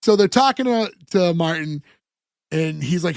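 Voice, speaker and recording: A podcast co-host, a man with a fairly high, creaky and animated voice, casually and unhurriedly recaps a TV episode, retelling scenes and quoting characters in passing. The sound is studio quality with no echo.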